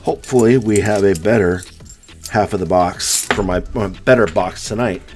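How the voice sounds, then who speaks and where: Deep-voiced, chatty live streamer. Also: male voice, normal speed, music in the background. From US East Coast. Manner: chatty, answers viewer comments one by one. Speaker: coin roll hunting live streamer. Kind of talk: casual live-stream chat.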